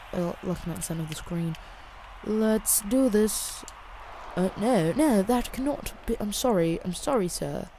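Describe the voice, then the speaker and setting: A woman giving excitable, jokey live commentary over her own gameplay, with bursts of loud exclamations. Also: medium pitch, normal speed, slight background noise. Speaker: gaming YouTuber.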